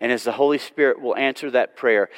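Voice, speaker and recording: A man preaching a sermon in a church, earnest and pleading, his delivery swinging from loud to hushed. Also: mid-range voice, brisk. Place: church sanctuary. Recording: long church reverb.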